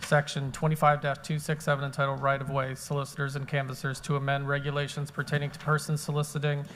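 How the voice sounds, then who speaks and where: A man acting as city clerk, calling the roll and reading ordinance titles in a rapid, official manner. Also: medium pitch, completely flat delivery, a bit bright, a little hiss or hum. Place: city commission chambers. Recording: reverberant chamber audio.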